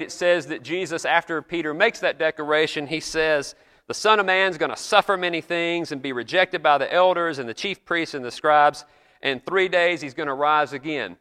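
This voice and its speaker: A man's voice: a little high, sharp tone, smooth, long reverb tail. A man preaching a sermon in a chapel, retelling scripture in an earnest, conversational storytelling way.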